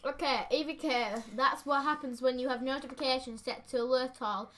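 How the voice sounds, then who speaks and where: A woman's voice: sits high, fairly even intonation, a little fast, noisy background. A tipsy woman hosting a home livestream, laughing and reading viewer comments aloud. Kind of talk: casual chat.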